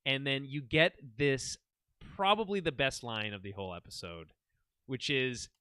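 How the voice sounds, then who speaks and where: A man co-hosting a casual recap podcast, animated and laughing often, swearing now and then. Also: mid-range voice, normal speed, clean tone, no room sound, studio quality. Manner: animated, laughs often, quotes characters in asides. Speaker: podcast co-host.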